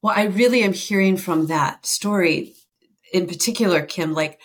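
A woman's voice: lowish voice, moderate pace, breathy edge. A woman coach interviewing, reflecting the guest's feelings back with empathy.

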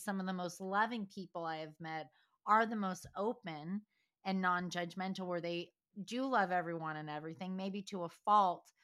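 A woman co-hosts a chatty podcast, her voice a touch low yet bright and smoothly clear. She drifts from thought to thought and laughs often. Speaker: podcast co-host. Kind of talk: casual chat.

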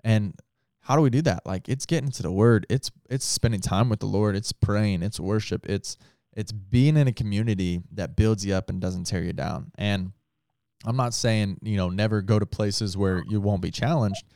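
Male pastor, low voice, smooth and clear, emphatic casual talk, dry close sound. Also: normal speed, darkish tone, no echo. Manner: earnest, emphatic, with lots of filler words.

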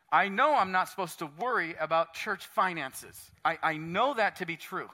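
A pastor preaching to his church with a high, bright voice. He talks earnestly and acts out little prayers and quotes as he goes. His voice rings out with a long reverb from the hall. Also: animated, moderate pace, hardly any pauses. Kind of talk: sermon.

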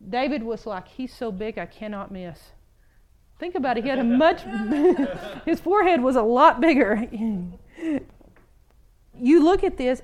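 A woman's voice: a little high, a little mellow, poor audio. A woman preaching a sermon in a conversational way, laughing between points and acting out the quotes she tells.

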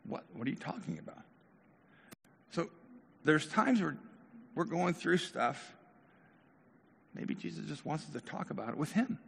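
A man preaching a sermon as a pastor, asking questions with animated emphasis. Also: a little high, creaky. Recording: long hall reverb.

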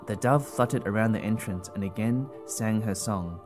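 A man narrating a storybook tale in a gentle, expressive way. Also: on the low side, moderate pace, hardly any pauses, over music.

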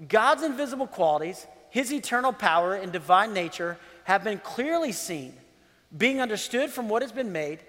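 High-voiced man preaching in a hall. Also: a bit bright. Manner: conversational preaching with acted-out quotes. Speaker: pastor. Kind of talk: sermon. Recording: long hall reverb.

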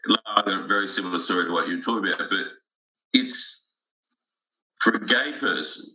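A middle-aged man with a low-pitched voice and a very bright, forceful edge. He speaks earnestly and tells stories, often restarting his sentences mid-thought. His tone stays hard and cutting throughout. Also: brisk, poor audio. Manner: earnest, storytelling with frequent restarts. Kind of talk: casual conversation.

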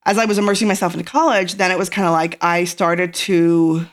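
A woman's voice: lowish voice, steady tone, brisk. A woman in her forties from Ireland with a faded Irish accent, talking as an interview guest, rambling and acting out quoted lines. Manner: rambling storyteller, frequent fillers, acts out quoted lines. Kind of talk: casual interview.

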